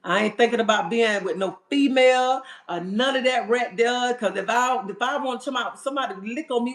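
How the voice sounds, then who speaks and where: A man's voice: very high-pitched, fairly quick, hardly any pauses, a bit bright. A man ranting on a livestream to viewers, sassy and emphatic, calling them "honey" and asking "okay?". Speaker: livestream host. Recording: roomy echo.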